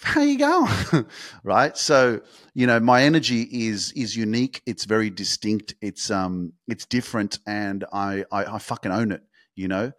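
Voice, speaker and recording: A man's voice: lowish voice, normal speed, fairly bright tone, no room sound, studio quality. A man hosting a podcast, delivering a motivational monologue in an intense, swearing pep-talk style full of repetition and emphasis. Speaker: podcast host.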